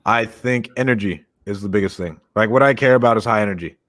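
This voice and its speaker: A young man co-hosts a casual podcast and speaks in a direct, energetic way. He sounds like he is coaching a team of callers. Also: on the low side, fast. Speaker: podcast co-host.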